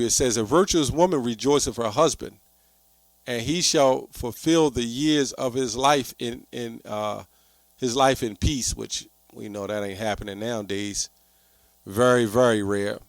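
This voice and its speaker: A man's voice: mid-range voice, creaky, dry recording. Preachy man with a dry, close sound. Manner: emphatic and repetitive, often rising to heated outbursts. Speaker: online commentator. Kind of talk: preachy commentary with scripture reading.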